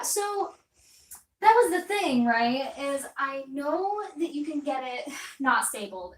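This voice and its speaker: A woman's voice: fairly high pitch, distant mic. A young woman in her twenties chatting casually on a live stream while she paints, rambling and reading out viewer comments. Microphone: distant mic, moves around while working. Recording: roomy echo, voice off-mic.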